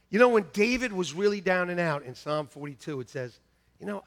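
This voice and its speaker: Male pastor, high and gravelly, animated sermon with shouted punchlines. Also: fairly quick. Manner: animated, laughing, repeats lines to the congregation; shouts mock-angry quotes at peaks. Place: church.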